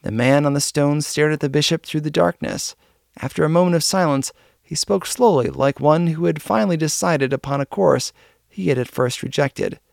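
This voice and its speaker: A man reading a story aloud in a steady, measured narration. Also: a little high, gravelly, no echo, clean studio sound.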